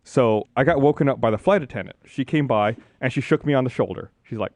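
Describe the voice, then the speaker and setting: A man's voice: mid-range voice, lively intonation, brisk, few pauses, a little mellow, dry recording. Sheepish podcast man, dry studio. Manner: sheepish, embarrassed anecdote. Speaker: podcast host. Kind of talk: casual storytelling.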